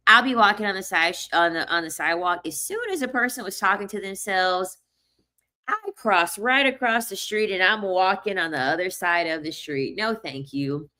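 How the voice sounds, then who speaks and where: Bright-voiced young woman. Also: mid-range voice, moderate pace. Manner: animated, repeats herself, laughs often. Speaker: vlogger. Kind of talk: casual storytelling monologue.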